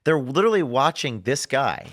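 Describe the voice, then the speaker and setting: A man's voice: medium pitch, normal speed, no room sound, clean studio sound. A male journalist as a guest on a talk show, speaking animatedly and acting out the people he quotes. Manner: animated, acts out quoted people, stumbles and restarts.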